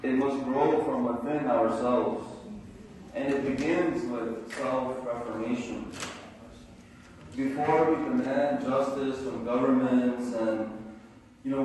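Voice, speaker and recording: Earnest male speaker at a symposium, measured oratory, recorded from far off in a roomy hall. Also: medium pitch, a little mellow, slight background noise. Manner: measured, earnest oratory with a slow deliberate rhythm. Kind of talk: formal prepared speech.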